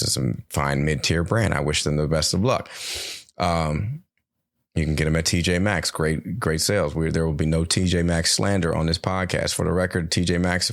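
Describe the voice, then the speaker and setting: A middle-aged man hosting a solo podcast, rambling and joking in a loose, animated way with casual swearing. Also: low-pitched, vocal fry, no room sound, studio quality. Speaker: podcast host. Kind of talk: solo comedic podcast monologue.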